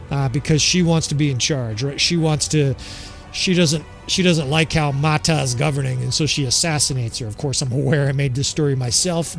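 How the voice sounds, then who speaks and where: A man giving casual gameplay commentary as the channel host, candid and swearing freely, talking to viewers as fellas. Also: fairly high pitch.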